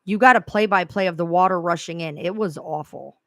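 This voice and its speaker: A woman's voice: on the low side, a little fast, no room sound, clean studio sound. A woman who covers true crime, talking bluntly and with profanity in a casual chat.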